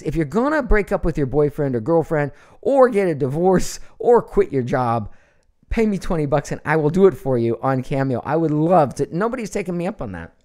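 Middle-aged male stream host, lively pitch, chatty, laughs a lot, reads comments. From Ohio, USA. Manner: chatty and animated, laughs often, reads viewer comments aloud. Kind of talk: casual live stream chat. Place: home.

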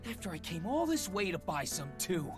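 A man voicing a brash, excitable young man who speaks indignantly and outspokenly in a visual novel. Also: high-pitched, normal speed, soft background music.

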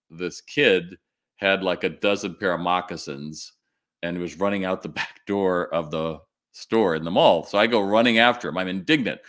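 A middle-aged man hosting a live question-and-answer stream, giving blunt, animated retail advice. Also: sits low.

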